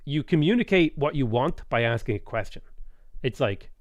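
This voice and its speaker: A mid-pitched Irish man in his thirties talks casually on a stream, rambling and blunt and swearing freely. He acts out small back-and-forth dialogues as he goes. The sound is dry and close, with no room echo. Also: animated, moderate pace, muffled recording. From Ireland. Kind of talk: casual live-stream chat.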